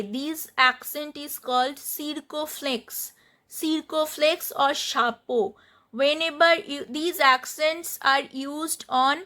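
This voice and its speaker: Woman teacher with an Indian English accent, bright high voice, slow and patient, repeats words for drilling. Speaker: French teacher. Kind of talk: classroom grammar lesson.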